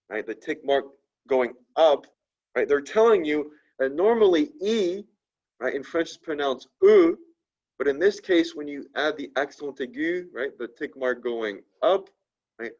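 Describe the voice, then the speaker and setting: A man teaching a French lesson, constantly checking in with "right?" and slowly repeating French words for students to copy. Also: fairly high pitch. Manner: tags sentences with a questioning "right?". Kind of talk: classroom lesson. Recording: dull lo-fi recording.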